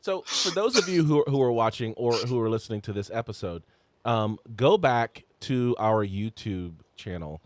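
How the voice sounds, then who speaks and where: A man co-hosting a sports podcast in casual chat, stumbling over restarts and letting his voice jump high when excited. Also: moderate pace, a little hiss or hum. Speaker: podcast co-host.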